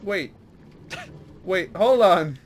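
High, lively man laughing at games. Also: drawn-out words, slight background noise. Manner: laughs often, exclaiming, teasing. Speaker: gamer playing with friends. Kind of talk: casual gaming chat.

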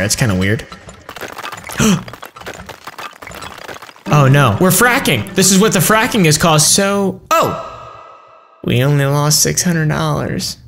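A man's voice: on the high side, a bit bright. A young man giving casual, crude, joking commentary while playing a game, swearing often. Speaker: gaming YouTuber. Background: game music.

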